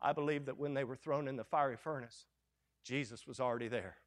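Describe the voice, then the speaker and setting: A man preaching a fervent Baptist sermon, moving between hushed lines and loud, fiery ones. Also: mid-range voice, brisk. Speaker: Baptist pastor.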